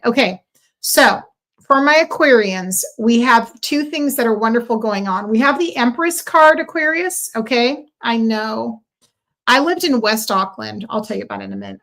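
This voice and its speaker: A woman's voice: fairly high pitch, vocal fry, a bit bright. A woman reading tarot and astrology on a live stream, chatty and effusive, talking straight to her viewers with many ums and okays. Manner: chatty and effusive, frequent ums and "okay", addressing viewers directly. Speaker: livestream tarot and astrology reader.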